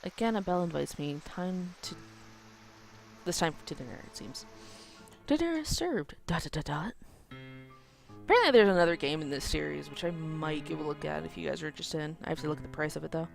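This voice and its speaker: A woman's voice: low-pitched, quick pace, creaky, soft background music. A woman giving joking, chatty let's play commentary over a game. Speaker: game streamer.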